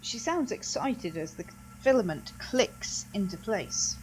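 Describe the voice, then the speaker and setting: A woman's voice: medium pitch, expressive, measured pace, low-quality recording. Woman narrating a game over hiss. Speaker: let's play host. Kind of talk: reading game narration aloud.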